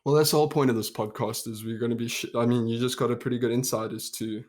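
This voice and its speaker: A young South African man co-hosting a podcast, talking in an easygoing, reflective way and laughing easily. His voice sits at a typical middle pitch. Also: fairly even intonation, fast, a little mellow. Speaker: podcast co-host. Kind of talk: casual chat.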